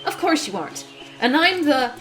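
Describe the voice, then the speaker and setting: A woman's voice: high voice, big pitch swings, moderate pace, music in the background, pitched above the performer's own voice. Woman playing a bitter old wise-woman witch. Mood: scornful. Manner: scornful, brash, loud. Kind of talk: voiced game reading.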